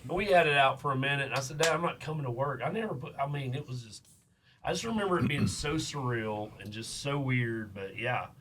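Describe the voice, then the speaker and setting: A man's voice: mid-range voice, brisk, noisy background. A man, hosting a casual podcast chat and telling a story with lots of fillers and restarts. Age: 30s. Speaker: podcast host.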